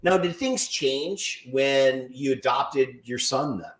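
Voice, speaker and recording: A man's voice: medium pitch, slow pace, slight background noise. A podcast host asks his questions in a rambling way, full of fillers, his volume rising and falling. His voice carries a noticeable room echo. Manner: rambling, filler-heavy, swings loud and soft. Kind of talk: conversational podcast interview. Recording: echoey room.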